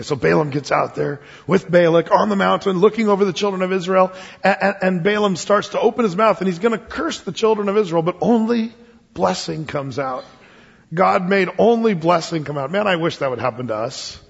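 A male pastor preaching an expository sermon, telling the story in an animated way with chuckles and asides, his voice husky. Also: high-pitched, moderate pace. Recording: dull lo-fi sound with long hall reverb.

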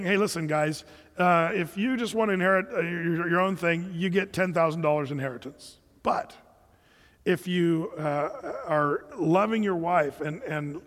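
A man's voice: on the high side, big-room sound. A middle-aged man preaching a sermon in a conversational, storytelling way with frequent restarts. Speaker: pastor.

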